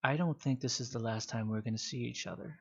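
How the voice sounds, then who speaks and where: A man doing a quiet, honor-bound warrior. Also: mid-range voice, fast talker, gravelly, husky, lo-fi sound. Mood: solemn. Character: honor-bound male enemy warrior, part cyber jackal.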